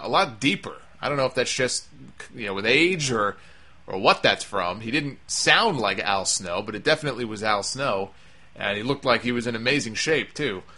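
Bright-voiced man recapping wrestling. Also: mid-range voice. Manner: opinionated, chatty, with frequent fillers and asides. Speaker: wrestling podcast host. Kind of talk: casual recap commentary.

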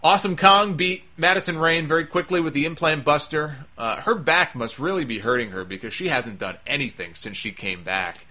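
A man's voice: a little high, normal speed, hardly any pauses, pushed and bright. A man hosting a podcast, recapping a wrestling show in chatty, opinionated commentary with frequent fillers and asides.

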